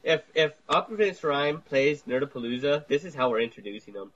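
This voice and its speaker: Husky man on a dull lo-fi line. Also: fairly high pitch, expressive, fairly quick, fairly bright tone. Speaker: podcast co-host. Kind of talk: casual chat. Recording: dull lo-fi sound.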